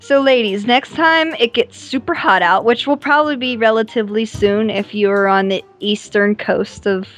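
A woman's voice: fairly high pitch, normal speed, few pauses, fairly bright tone. Woman co-host on a podcast, giggly and playful, light music in the back. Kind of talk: casual podcast banter.

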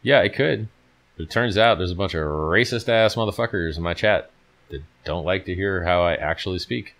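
A man's voice: low-pitched, moderate pace, a bit bright. A tired man hosting a casual livestream, talking bluntly with plenty of swearing as he reads and answers viewer questions. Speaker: livestream host answering chat.

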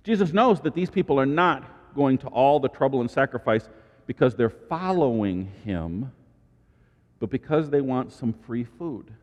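A man preaching a sermon as pastor, animated, with dramatic asides and sudden high exclamations. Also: a little slow, long reverb tail, highs cut off.

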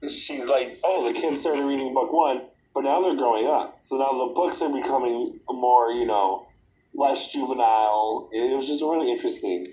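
A man's voice: mid-range voice, normal speed, mellow. A man co-hosting a casual podcast, hesitant and filling his talk with "like" and "I don't know". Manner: hesitant, many fillers and restarts. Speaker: podcast co-host. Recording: dull lo-fi audio.

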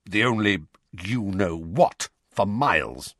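A man's voice: low voice, lively intonation, takes it slowly, dry recording, studio quality, heavily acted. Man voicing a blustering bullying uncle. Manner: blustering, loud, accusing. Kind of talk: audiobook character reading.

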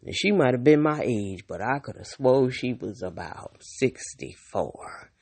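A woman's voice: a bass voice, lively intonation, a little slow, darkish tone, breathy edge. A woman talking frankly to the camera in a casual monologue, blunt and outspoken, now and then swearing, and acting out the people she quotes as she tells her story. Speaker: vlogger.

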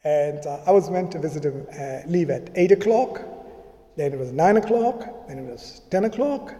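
Speaking at a moderate pace, the male pastor has a fairly high, expressive voice with a dark tone. His sermon is conversational, with quoted speech acted out, recorded in an echoing church hall.

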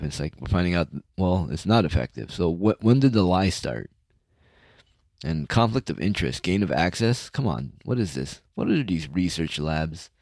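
Deep-voiced man ranting, casual and profane. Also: a little mellow, no room sound, clean studio sound. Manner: profane, sarcastic, with trailing uhs. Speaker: solo podcast host. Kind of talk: casual rambling monologue.

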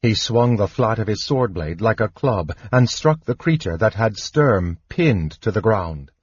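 Casting: male narrator, low husky voice, lively delivery, dull lo-fi sound. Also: measured pace, dry recording. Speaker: audiobook narrator. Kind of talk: scripted narration.

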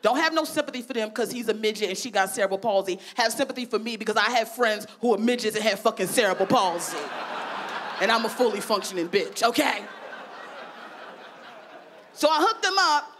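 A woman working through a stand-up set, her voice pitched high and bright with a sharp edge. She is brash and profane and throws her punchlines out at a shout. There is a faint hiss behind her. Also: lively intonation, a little fast. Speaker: stand-up comedian. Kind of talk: stand-up routine. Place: festival comedy stage.

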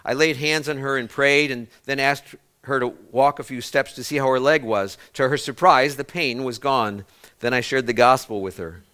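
A pastor preaches a sermon to his congregation in a sharp-toned, medium-pitched voice at normal speed. He tells stories, restarts words mid-phrase, and asks the listeners questions.

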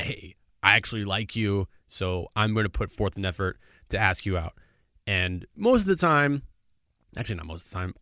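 A man's voice: low-pitched, fairly bright tone, dry recording, studio quality. A young man hosting a casual dating podcast, upbeat, joking and direct. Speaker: podcast host. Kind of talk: casual chat.

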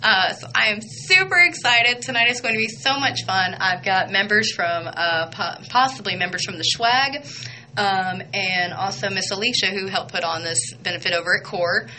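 A young woman hosting a radio show, chatting excitedly and rambling with lots of fillers. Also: medium pitch, moderate pace, a little hiss or hum, poor audio. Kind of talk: casual chatty radio intro.

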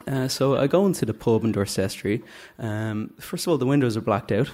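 A man's voice: mid-range voice, animated, a little fast, noisy background. Chatty Dublin man telling a story onstage. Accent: Dublin Irish. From Dublin, Ireland. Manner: chatty, self-mocking, acts out voices. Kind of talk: live comic storytelling. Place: stage at a live story night.

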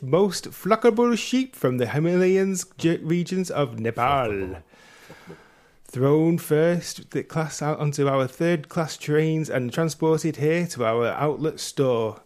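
A man voicing a pushy, hollering male sheep salesman in a mock radio advert. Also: a little mellow. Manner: brash sales-pitch delivery with whooping catchphrase.

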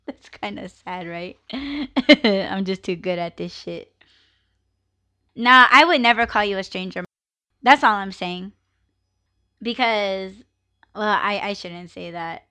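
A woman's voice: mid-range voice, slow pace, pauses often, bright, forceful tone. A woman hosting her own live podcast, chatting casually and ranting with plenty of swearing and laughter. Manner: ranting, profane, laughs often. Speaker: podcast host.

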